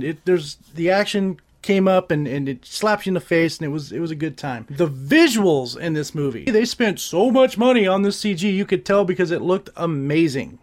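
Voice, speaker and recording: A man casually reviewing a gadget and a movie, rambling, swearing often, with lots of restarts. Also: sits high. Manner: profane, animated, rambling with restarts. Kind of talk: casual crude review chat.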